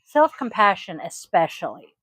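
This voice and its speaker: A woman hosting a casual podcast as a yoga teacher, talking in a rambling, chatty way with frequent ums and throat-clearing. She is recorded at home on a close microphone. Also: lowish voice, very animated, normal speed, fairly bright tone, no room sound, rough recording.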